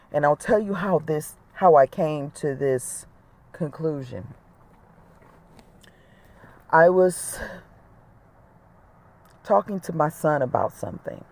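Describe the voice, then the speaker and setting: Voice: mid-range voice, darkish tone. A middle-aged spiritual speaker giving an earnest, reflective monologue and repeating key words for emphasis.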